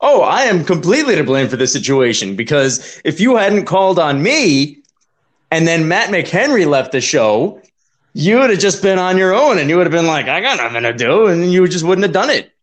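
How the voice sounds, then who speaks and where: A man's voice: fairly high pitch, big pitch swings, moderate pace. A man co-hosting a podcast in casual chat, amused and self-mocking, laughing often. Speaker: podcast co-host.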